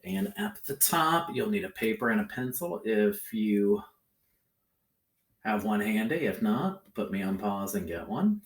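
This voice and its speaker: A man teaching a recorded phonics lesson to children, talking in a slow, sing-song way and checking in often with the listener. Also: fairly low pitch, sing-song. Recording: echoey room.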